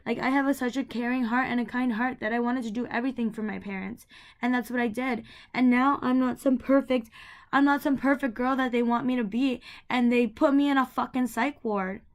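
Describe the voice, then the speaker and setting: In an emotional rant to the camera, a young woman vlogger goes off about her family, rambling heatedly with lots of fillers and repetitions. Her voice leans high, her tone stays steady, and she talks a little fast.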